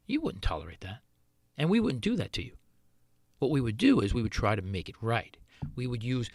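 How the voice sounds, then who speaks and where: A man's voice: mid-range voice, no room sound, clean studio sound. A middle-aged man, a chef hosting his own podcast, talking earnestly in a solo monologue full of rhetorical questions.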